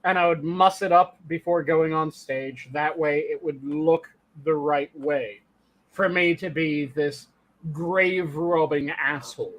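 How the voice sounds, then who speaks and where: High-voiced man, emphatic and profane. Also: steady tone, a little slow, a bit bright. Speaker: podcast co-host and stage actor. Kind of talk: casual online chat.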